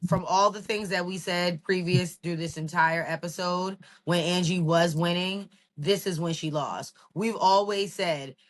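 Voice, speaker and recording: A woman in her thirties co-hosting a podcast, talking in an animated, emphatic way. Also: on the low side, unhurried, few pauses. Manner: animated, emphatic, talks straight to people. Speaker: podcast co-host. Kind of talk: casual recap chat.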